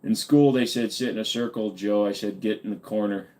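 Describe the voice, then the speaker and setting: A man's voice: fairly low pitch, steady tone, a little fast, a little mellow. A tired man hosting a casual live stream, rambling and joking crudely with viewers, saying he feels dizzy. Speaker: livestream host.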